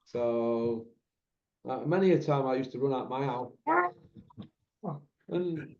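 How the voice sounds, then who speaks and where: A man's voice: mid-range voice, slow, dark tone. Rambling man, echoey. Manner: candid, rambling storytelling with banter. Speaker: podcast host. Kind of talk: casual chat. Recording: echoey room, dull lo-fi sound.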